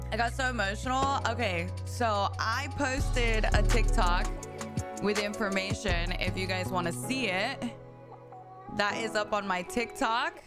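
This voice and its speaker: A woman livestreaming, chatting casually and excitedly with her viewers. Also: mid-range voice, unhurried, music in the background. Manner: excitable, chatty, talks straight to her chat. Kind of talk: casual live-stream chat.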